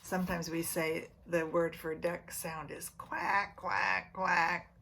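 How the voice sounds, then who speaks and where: A preschool teacher, a woman, reads a picture book aloud to young children, often dropping to a near whisper and gently asking them questions. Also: lowish voice, fairly even intonation, slow pace, a little hiss or hum.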